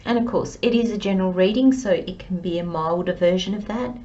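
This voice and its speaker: A woman's voice: mid-range voice, fairly quick, dark tone, muffled recording. A woman giving a channelled tarot reading, talking earnestly and emphatically straight to the listener. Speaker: tarot reader.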